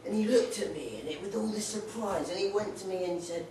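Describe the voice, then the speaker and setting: A man's voice: high voice, fast talker, few pauses, darkish tone, distant mic, slight background noise. Young man doing stand-up in an echoey pub. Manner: rambling, joking, playful put-on voices. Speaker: stand-up comedian. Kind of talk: stand-up comedy set. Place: pub stage.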